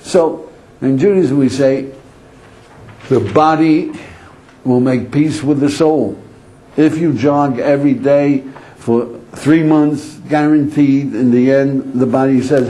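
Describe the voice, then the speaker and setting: A man's voice: mid-range voice, measured pace, warm tone, poor audio. A man giving a rabbi's lecture, telling stories with animation, acting out inner voices and chuckling often. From Israel. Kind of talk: Torah lecture to an audience.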